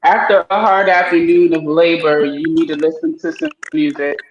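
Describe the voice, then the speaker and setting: An American man chatting on a group call, speaking in slow, halting bits with restarts. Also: fairly high pitch, expressive, crowd noise. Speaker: panelist. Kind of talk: casual group chat. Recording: roomy, dull lo-fi call audio.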